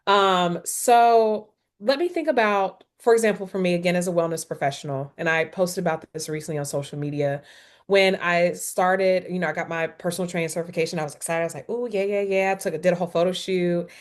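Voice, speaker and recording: A woman's voice: on the low side, brisk. Candid woman hosting a wellness webinar. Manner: candid, expressive, acts out dialogue. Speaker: webinar host, wellness professional. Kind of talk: casual webinar chat.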